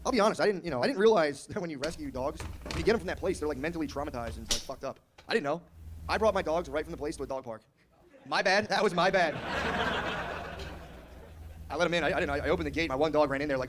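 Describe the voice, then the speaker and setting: A man's voice: fairly high pitch, expressive, quick pace, long pauses, background noise. A man doing a stand-up comedy set, brash and crude, talking casually and slipping into mocking voices.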